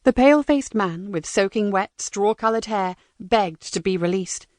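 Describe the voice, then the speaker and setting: A woman narrating a crime thriller audiobook in a measured, tense way. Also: mid-range voice, expressive, darkish tone, no room sound, clean studio sound. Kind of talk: scripted narration.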